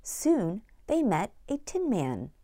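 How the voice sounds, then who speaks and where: A middle-aged woman narrating a children's story in a gentle, sing-song read-aloud manner. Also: medium pitch, huge pitch swings, takes it slowly, no room sound, clean studio sound. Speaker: narrator and producer.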